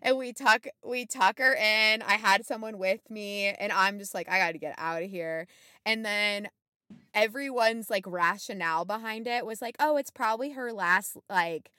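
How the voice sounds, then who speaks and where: A woman co-hosting a podcast, telling a story in a casual, animated way with lots of fillers, and acting out what people said. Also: mid-range voice, normal speed, clean tone, no room sound, studio quality. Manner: animated, many fillers, acts out quotes. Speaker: podcast co-host.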